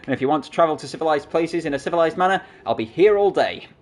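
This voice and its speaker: A man voicing a matter-of-fact woman airship captain in a game, reading her lines crisply. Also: fairly high pitch, expressive, fast talker, lightly acted. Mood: firm. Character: brisk woman airship captain refusing danger.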